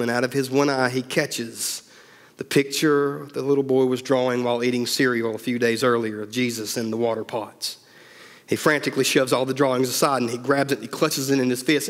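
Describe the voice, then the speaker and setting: A man's voice: mid-range voice, in a large hall. A male pastor telling a story as part of a sermon, acting out each character's lines.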